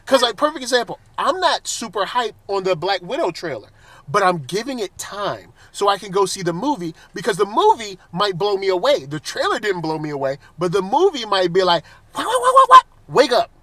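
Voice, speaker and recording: A man hosting a casual chat in a car, animated and quick to defend his point. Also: high-pitched, dry recording. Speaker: podcast host. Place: inside a car. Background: faint car and road noise.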